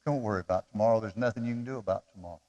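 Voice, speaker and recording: A man's voice: lowish voice, very fast, lo-fi sound. Emotional preaching pastor, man. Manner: emotional, pleading preaching with big swings in loudness. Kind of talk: sermon.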